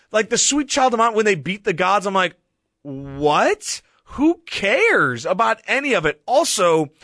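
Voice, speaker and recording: A man's voice: sits high, bright, forceful tone, no echo, studio quality. A man co-hosting a casual podcast, delivering a scathing prepared rant in a chatty way. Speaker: podcast co-host.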